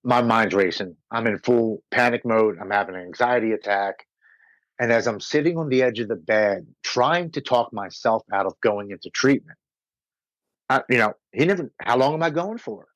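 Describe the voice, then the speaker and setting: A man telling his personal recovery story as a podcast guest, earnest and slowing down on heavy moments. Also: mid-range voice, lively intonation, a bit bright, no room sound, poor audio.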